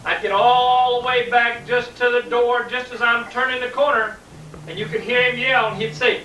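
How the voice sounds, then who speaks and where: A man telling a comic family story to a live audience, animated and repetitive. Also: extremely high pitch, normal speed. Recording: echoey room, distant mic, noisy.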